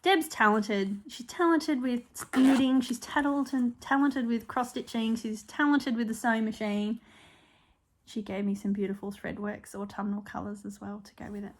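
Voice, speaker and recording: A woman's voice: fairly high pitch, fairly even intonation, normal speed. An Australian woman chatting casually on her own stitching channel, showing her projects with frequent ums and small apologies. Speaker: cross-stitch vlogger. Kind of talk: casual show-and-tell chat.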